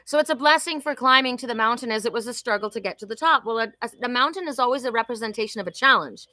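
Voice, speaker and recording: A woman's voice: fairly high pitch, quick pace, pushed and bright, no echo. A woman in her sixties hosting a live oracle reading, chatting effusively and talking to viewers by name. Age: 60s. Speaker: host.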